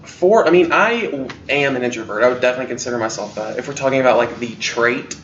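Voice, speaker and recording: A man's voice: medium pitch, animated, quick pace, a bit bright, a little hiss or hum. A man hosting a casual talk, thoughtful and explaining his points with frequent fillers. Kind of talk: casual conversation. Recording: echoey distant lo-fi sound.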